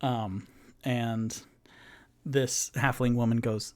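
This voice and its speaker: A man narrating as game master, improvising fantasy scenes in a halting way, with many fillers and restarts. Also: medium pitch, darkish tone.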